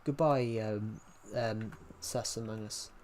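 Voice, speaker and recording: A man's voice: fairly low pitch, fairly even intonation, slow pace, darkish tone, a little hiss or hum. A young British man chatting casually on a livestream, rambling with many restarts and answering viewer comments. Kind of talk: casual stream chat.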